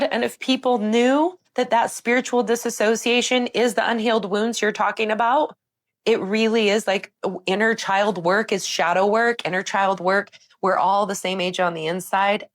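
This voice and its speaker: A woman guest in a casual interview, telling a personal story in an animated way, often laughing and breaking off to restart her sentences. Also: medium pitch. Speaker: podcast guest.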